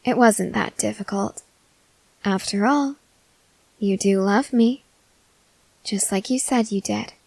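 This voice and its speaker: A young woman voicing an obsessive, possessive queen in an ASMR role-play, talking softly and insistently. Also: mid-range voice, vocal fry, dry recording. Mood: sweet. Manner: slow, soft, controlling and insistent.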